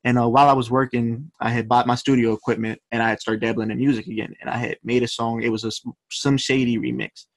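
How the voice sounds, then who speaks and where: A man's voice: medium pitch, little pitch movement, fast, hardly any pauses, dry recording. A young man, a rapper guest, telling stories in a laid-back, profane, slangy way during a casual interview.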